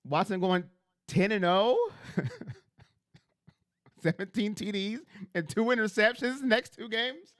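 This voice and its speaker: A man's voice: sits high, takes it slowly, pauses often, fairly bright tone, dry recording, clean studio sound. A man hosting a casual fan livestream on a headset mic, talking emphatically and repeating himself as he speaks straight to his chat.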